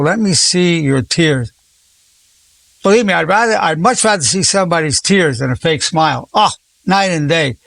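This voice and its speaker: With a somewhat high, fairly bright voice touched by vocal fry, an eighty-something psychologist guides a group, offering warm encouragement and repeating his praise over and over.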